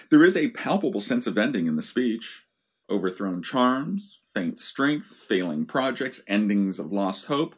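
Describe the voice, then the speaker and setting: A man's voice: mid-range voice, big pitch swings, moderate pace, slightly rough. A man giving a lecture on verse, talking to his listeners in a conversational way with wry asides. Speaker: literature lecturer.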